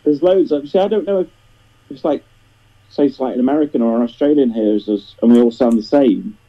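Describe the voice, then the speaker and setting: A man's voice: mid-range voice, a little fast. Chatty Northern English man, lo-fi audio. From northern England. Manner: chatty, rambling, friendly. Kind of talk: casual chat. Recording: dull lo-fi audio.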